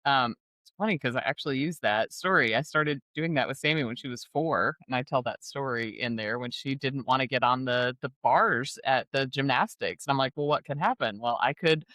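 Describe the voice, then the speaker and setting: A woman's voice: normal speed, no echo. A middle-aged woman co-hosting a podcast, chatting casually and expressively, acting out the people she quotes. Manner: expressive, swings pitch widely, acts out quoted voices. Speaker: podcast co-host and coach. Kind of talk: casual conversational chat.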